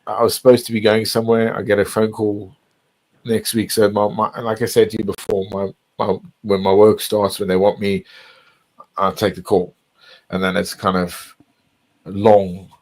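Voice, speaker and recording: Low-pitched man, loose rambling chat, frequent restarts and swearing. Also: level tone, moderate pace, darkish tone, rough recording. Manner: rambling, repeats words, swears often. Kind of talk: casual chat.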